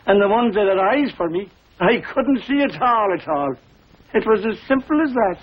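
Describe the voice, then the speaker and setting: An actor playing a lonely, warm-hearted older Irish tailor, with a husky voice and a lilting Irish brogue. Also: male voice, sits high, animated, moderate pace. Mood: wistful, coaxing. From Ireland. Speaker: visiting cousin, a tailor. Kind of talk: 1950s TV sitcom acting. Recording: dull lo-fi 1950s TV audio.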